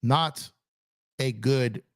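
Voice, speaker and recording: Excitable man live-streaming sports talk, dry sound. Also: mid-range voice, extremely slow, no room sound. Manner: excitable, reacting out loud in bursts; chatty, shouts out viewers by name. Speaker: sports channel host.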